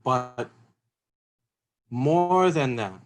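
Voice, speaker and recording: A man gives an emotional talk with a voice at an ordinary middle pitch. He speaks earnestly and comes back to the same phrases again and again. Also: animated, very slow, low-quality recording. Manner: earnest, repeats key phrases. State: emotional, voice catching. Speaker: seminar speaker.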